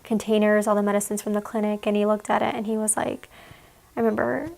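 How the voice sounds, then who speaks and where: A young woman giving an emotional personal account in an interview, halting and full of "like"s. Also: mid-range voice, flat delivery, gravelly, a little mellow. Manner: halting, fillers, many "like"s.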